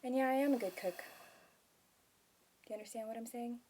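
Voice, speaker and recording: A woman's voice: on the high side, moderate pace, a little mellow, slight background noise, natural voice. An actress playing an earnest, guilt-ridden married mother who speaks hesitantly, in a stage scene. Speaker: actor in a scene.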